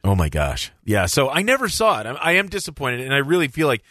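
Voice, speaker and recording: A man hosting a podcast, telling a story in casual chat, animated and laughing, with lots of restarts. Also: mid-range voice, quick pace, no room sound, clean studio sound.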